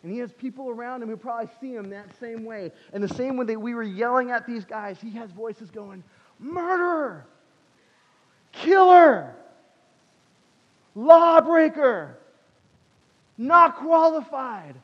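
Animated high-voiced man preaching. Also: brisk, hardly any pauses, long reverb tail, dull audio. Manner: animated, swings from loud to hushed. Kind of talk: sermon. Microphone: headset mic.

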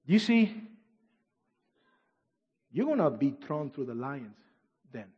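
A man preaching a sermon and reading scripture aloud, swinging from shouts to near-whispers, with non-native English phrasing. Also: medium pitch, big pitch swings, slow pace, long pauses, breathy edge. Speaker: pastor. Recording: dull echoey hall recording.

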